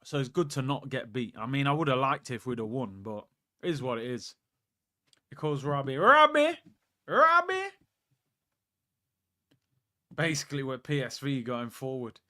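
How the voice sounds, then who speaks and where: A young man hosting a live football watchalong, chatting excitably, reacting to the match and answering viewer questions. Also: mid-range voice, brisk.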